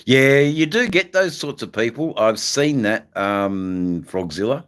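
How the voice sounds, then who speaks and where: A man's voice: mid-range voice, expressive, a little slow, few pauses, a bit bright, clean tone. A middle-aged Australian man with an Australian accent, hosting a rambling livestream and chatting with viewers, full of ums and mates. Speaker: livestream host. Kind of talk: casual livestream chat with viewers.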